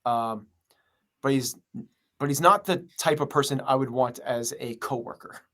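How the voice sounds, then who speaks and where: A man's voice: medium pitch, normal speed, fairly bright tone. A man who runs a gym, speaking as a podcast interview guest in an earnest, rambling way full of fillers. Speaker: gym owner and coach.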